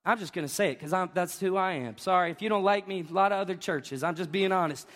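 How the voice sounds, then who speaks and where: Fired-up high-voiced preacher man. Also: fast, few pauses, big-room sound. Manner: fervent, shouting at peaks, conversational asides. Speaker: pastor. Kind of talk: sermon. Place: church sanctuary.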